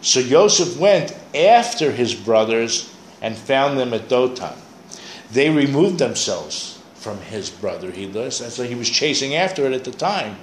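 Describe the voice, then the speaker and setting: A man's voice: medium pitch, sing-song, unhurried, a little hiss or hum. A man teaching a Bible class, explaining Hebrew words and thinking aloud as he goes. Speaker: Torah teacher. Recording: echoey room, faint ambience.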